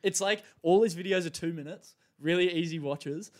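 A man who is a guest on a casual podcast. He tells lively stories, acts out quotes in other voices and laughs often. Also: sits high, normal speed. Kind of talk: casual chat.

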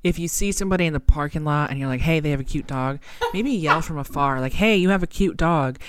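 A woman's voice: sits low, fast, noisy background. A woman chatting casually as a podcast co-host, reacting bluntly and swearing now and then. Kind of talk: casual chat.

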